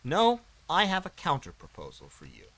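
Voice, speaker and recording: A man's voice: sits high, wildly swooping pitch, normal speed, pushed and bright, dry recording, pitched above the performer's own voice, full character voice, low-quality recording. A man voicing a bold, blunt brawler in his plain voice.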